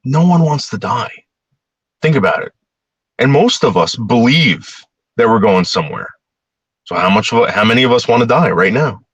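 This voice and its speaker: A man of middle pitch talks in a loose, rambling monologue, restarting words and getting more heated. His voice swings widely up and down. The sound is close and dry, with no room echo. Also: normal speed, pauses often, breathy edge, dull audio. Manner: rambling and animated, repeats words, grows heated. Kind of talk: casual monologue.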